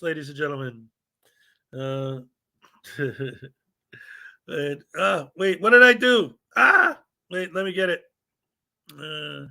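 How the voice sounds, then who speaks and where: A man's voice: fairly high pitch, bright, forceful tone. A man hosting a casual livestream chat who rambles and jokes with a guest, laughing often. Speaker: host.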